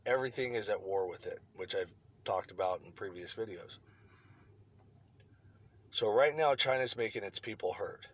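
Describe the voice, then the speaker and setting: A man's voice: fairly low pitch, normal speed, pauses often. A man delivering a blunt, profane opinion rant to his online viewers. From United States. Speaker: vlogger.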